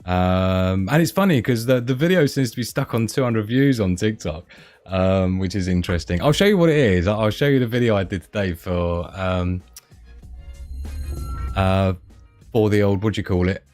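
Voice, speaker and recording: A man's voice: on the low side, lively intonation, moderate pace, darkish tone, faint music behind. A man hosting a casual live stream, rambling and chatty with frequent laughs.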